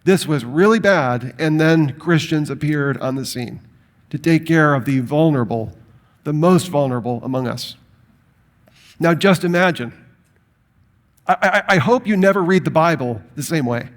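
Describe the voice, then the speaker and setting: A man giving an animated Bible lecture to an audience, emphatic and full of rhetorical questions. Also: a little high, moderate pace. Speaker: Bible teacher.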